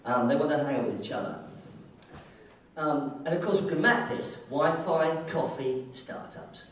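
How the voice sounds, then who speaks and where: A British man delivers a conference keynote in a casual, joking, irreverent style. His voice is a little high and animated at a normal pace. The recording carries slight hiss or hum and sounds echoey, as if the mic is picking him up from far away in a large hall.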